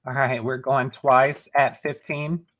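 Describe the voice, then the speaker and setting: This co-host calls the bids in a live jewelry auction, playful and teasing as they count the price down. The voice sits at a middle pitch and sounds relaxed and conversational. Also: slow pace, phone-quality sound. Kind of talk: casual live-stream auction chat.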